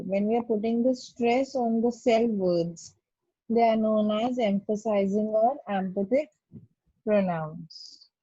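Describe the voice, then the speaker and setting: A woman's voice: on the high side, dark tone, slightly rough, dry recording. A woman teacher patiently explaining grammar to pupils over a video call. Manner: slow, patient explaining with stressed examples. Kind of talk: online class doubt session. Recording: muffled lo-fi video call audio.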